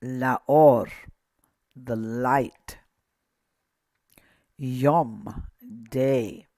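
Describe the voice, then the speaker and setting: A man of middle pitch speaks very slowly as he teaches, saying each word and then saying it again. He points out where the stress falls. The sound is dry, with almost no room echo. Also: a little mellow. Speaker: Hebrew teacher. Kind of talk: slow word-by-word pronunciation lesson.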